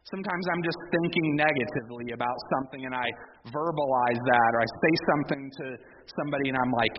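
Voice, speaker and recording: A man's voice: mid-range voice, quick pace. A man in his thirties preaching a sermon in a conversational, folksy way, with asides and small laughs. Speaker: pastor. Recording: dull lo-fi audio with long hall reverb.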